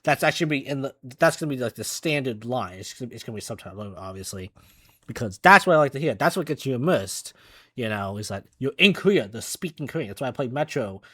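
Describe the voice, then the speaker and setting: A man's voice: medium pitch, expressive, fast, pushed and bright, husky, dry recording. Male gaming reactor, casual and rambling, dry untreated room sound. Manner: rambling, many restarts and "you know".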